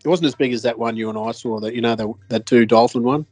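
A man with an Australian accent spins a loose, animated fishing yarn on a podcast. His voice sits in a middle pitch, and he talks in a rambling way with plenty of fillers, restarts and casual swearing. Soft music plays faintly underneath. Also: quick pace, no room sound. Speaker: podcast co-host. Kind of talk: casual chat, telling a fishing story.

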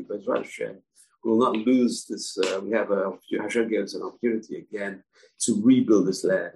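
A man's voice: on the low side, vocal fry, rough recording. A man teaching a Torah class. He speaks earnestly, mixing Hebrew phrases into his lecture, with frequent fillers. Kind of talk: religious lecture.

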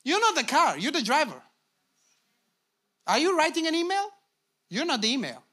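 In a sing-song sermon at normal speed, a middle-aged pastor speaks emphatically and calls out to the congregation. He shifts from low asides to shouted peaks.

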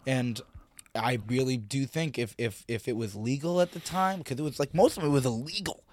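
A man's voice: medium pitch, moderate pace, a little mellow. A man co-hosting a podcast, crude and jokey in a casual chat. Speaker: podcast co-host.

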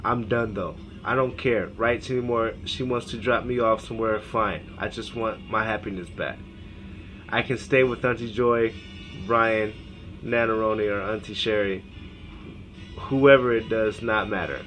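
A man's voice: lowish voice, fairly even intonation, measured pace, a bit bright, faint music behind, poor audio. Profane ranting man reading texts aloud. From Seattle, US. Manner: profane, rambling, reads text messages aloud. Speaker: podcast host. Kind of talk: emotional rant.

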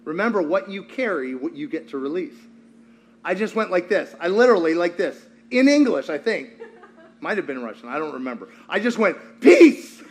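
Guy preaching, pretty high voice, tells stories and acts out the quotes, little bit of hiss behind him. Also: fairly quick. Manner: animated storytelling with acted-out quotes. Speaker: pastor. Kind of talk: sermon.

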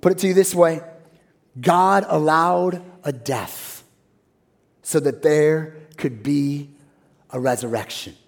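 High-voiced pastor preaching with dramatic swings. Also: male voice, slow, creaky, pauses often. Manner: dramatic swings from loud high peaks to hushed low phrases. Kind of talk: sermon. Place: church.

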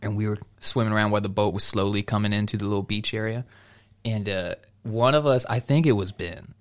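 Young dude rambling thru a story on a podcast, lots of restarts, laughing. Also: male voice, lowish voice, steady tone, brisk. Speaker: podcast co-host. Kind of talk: casual storytelling chat.

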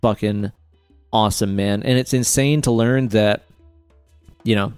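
A man's voice: fairly low pitch, steady tone, measured pace, darkish tone, clean tone, no room sound, soft background music. A man co-hosting a podcast in casual chat, joking and swearing freely. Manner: profane, laughing, joking. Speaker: podcast co-host.

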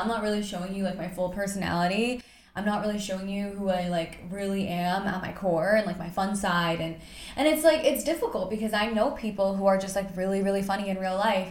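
A young adult woman hosting her own podcast, talking casually with lots of fillers like "like" and occasional swearing. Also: medium pitch. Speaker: podcast host. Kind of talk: casual solo podcast talk. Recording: echoey room with faint hiss.

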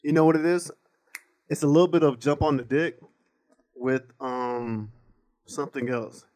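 A man's voice: fairly high pitch, steady tone, a little slow, darkish tone. A young man co-hosting a podcast in casual chat, laid-back, with profane slang. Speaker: podcast co-host.

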